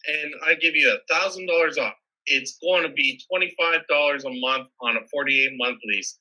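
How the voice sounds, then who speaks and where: A man hosting a show, telling funny stories in a casual, animated way and acting out what people said. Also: fairly high pitch, normal speed, hardly any pauses, poor audio. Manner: animated storyteller acting out quotes. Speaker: podcast host. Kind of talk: casual storytelling.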